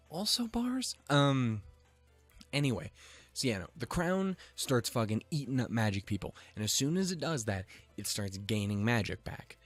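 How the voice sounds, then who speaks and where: A young man recapping an animated episode in casual, rambling commentary, swearing freely and wandering into jokey asides. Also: medium pitch, no room sound. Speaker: video reviewer.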